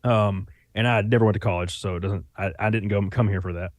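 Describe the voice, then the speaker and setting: A man in his thirties speaks with a thick Southern US accent. He rambles in a relaxed way and swears casually. The recording is close and dry, with no room sound. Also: lowish voice, quick pace, dry recording. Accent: Southern US (Alabama). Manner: rambling, laid-back, swears freely. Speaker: podcast guest. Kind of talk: casual chat.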